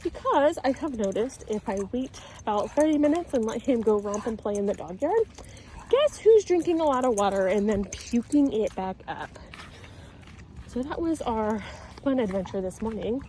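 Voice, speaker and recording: A woman dog trainer outdoors, explaining her method while walking a dog and calling out sharp commands. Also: a little high, animated, moderate pace, a little hiss or hum. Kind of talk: instructional talk during dog training.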